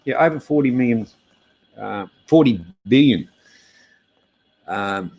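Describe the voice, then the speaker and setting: A middle-aged man hosts a casual livestream chat. He talks haltingly, with many fillers and restarts, and greets viewers by name as they join. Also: mid-range voice, animated, a little mellow. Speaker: livestream host. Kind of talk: casual live-stream chat.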